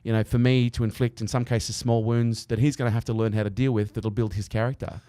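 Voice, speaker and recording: A man's voice: mid-range voice, little pitch movement, fast talker, mellow, no echo, clean studio sound. A man speaking as a podcast guest in a candid interview, earnest and emphatic, with casual swearing. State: he is a parent.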